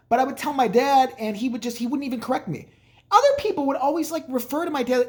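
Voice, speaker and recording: A man's voice: extremely high pitch, animated, fast, darkish tone. A man in his thirties telling rambling, profane, jokey stories in a casual monologue. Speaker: vlogger.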